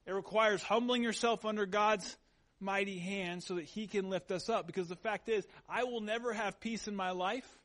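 A pastor with a high, light male voice delivers a sermon to his congregation. He speaks conversationally and weaves in personal stories. He uses earnest repetition to drive his points home. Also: a bit bright.

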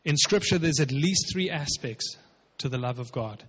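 A man's voice: a little high, expressive, moderate pace, breathy edge. A man preaching a sermon as pastor, emphatic and conversational, acting out quotes. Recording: dull, lo-fi with long hall reverb.

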